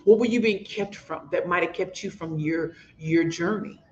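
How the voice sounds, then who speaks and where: A woman's voice: lowish voice, moderate pace, darkish tone. A woman author from St. Louis with a St. Louis accent, hosting a motivational livestream in an impassioned, preachy way and calling her viewers y'all. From St. Louis, USA. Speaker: author and host. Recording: echoey, dull lo-fi room sound.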